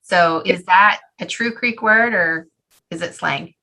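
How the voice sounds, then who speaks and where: A woman's voice: fairly low pitch, slow, sharp tone, low-quality recording. A woman in an online class asking her teacher a question, speaking reflectively and with some hesitation. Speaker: student. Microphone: video call.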